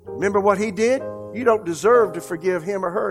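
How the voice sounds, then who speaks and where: A man preaching a sermon as pastor, telling stories and swinging between hushed lines and loud, emphatic ones. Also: high-pitched, fairly quick, faint music behind.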